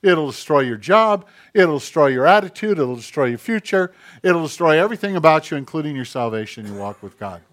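A pastor delivering a sermon in an emphatic, direct way. His voice sits a little high for a man. He slips into quiet, muttered voices when quoting people. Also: animated, brisk. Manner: emphatic, acts out quoted voices in hushed tones.

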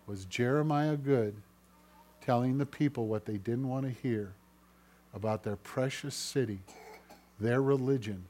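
A man preaching a sermon as pastor, swinging between loud, declaiming passages and hushed, low ones. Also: measured pace, long pauses.

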